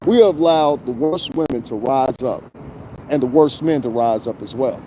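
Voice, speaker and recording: A man's voice: mid-range voice, moderate pace, background noise. A man hosting a show, ranting in blunt, profane commentary with rhetorical asides to his listeners. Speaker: show host. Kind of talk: unscripted commentary rant.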